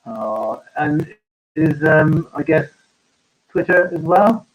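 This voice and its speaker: Halting farmer hosting a live chat. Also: male voice, a little high, expressive, muffled recording. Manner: halting, full of ums and restarts. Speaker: farmer and live-stream host. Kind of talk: casual live-stream chat.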